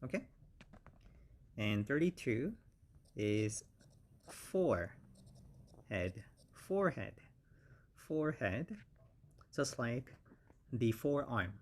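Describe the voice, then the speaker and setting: Very slow-paced male English teacher. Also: mid-range voice, animated. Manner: slow, repeats each word several times. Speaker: English instructor. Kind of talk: vocabulary lesson.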